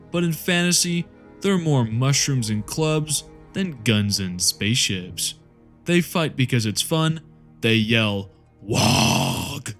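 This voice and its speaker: A man narrating a lore explainer in a comedic, scripted way, full of sarcastic jokey asides. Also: mid-range voice. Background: faint background music.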